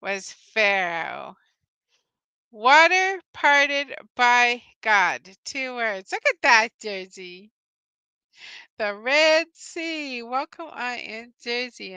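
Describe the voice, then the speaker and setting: Cheerful woman hosting bright Bible trivia. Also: on the high side, lively intonation, drawn-out words, pauses often, clean tone, no echo. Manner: cheerful, laughs often, greets and reads out viewers. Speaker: host. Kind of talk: live-stream Bible trivia with chat.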